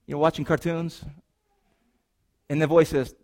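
A man's voice: a little high, fairly even intonation, moderate pace, long pauses, darkish tone. A man preaching a sermon as pastor, reading scripture and then riffing on it with playful asides and rhetorical questions to the congregation.

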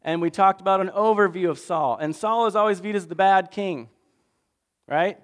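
A man's voice: high voice, moderate pace. A man preaching a casual sermon recap in a conversational, self-deprecating way, acting out little voices. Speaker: pastor.

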